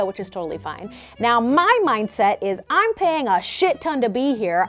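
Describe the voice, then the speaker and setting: A woman in her thirties, a vlogger telling a personal story in an animated, candid and conversational way. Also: high voice.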